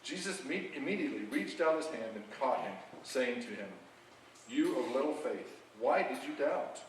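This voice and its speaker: A man reads scripture aloud in an unhurried, measured voice of middling pitch. He sits well back from the microphone in a strongly reverberant sanctuary. A faint hum of room noise lies under his voice. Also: lively intonation. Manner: slow, measured reading. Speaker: scripture reader. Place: church sanctuary. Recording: echoey sanctuary, distant mic, faint hum.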